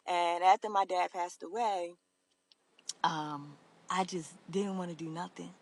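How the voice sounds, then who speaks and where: A woman telling her own story to camera, earnest and halting, with many fillers and restarts. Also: fairly low pitch, fairly even intonation, a little mellow, a little hiss or hum. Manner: earnest, emotional confiding. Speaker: vlogger.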